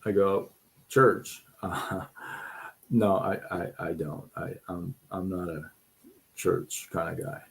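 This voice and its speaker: Man, middle-aged, livestream host, casual storytelling, low voice, unhurried. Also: fairly even intonation, vocal fry. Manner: rambling, repeats himself, quotes people in voices.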